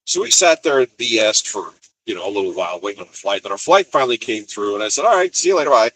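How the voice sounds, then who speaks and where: A man's voice: fairly low pitch, lively intonation, quick pace, sharp tone, breathy edge, low-quality recording. A man from Colorado who drives a truck, telling rambling stories in a chatty, casual vlog and laughing easily. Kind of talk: casual storytelling.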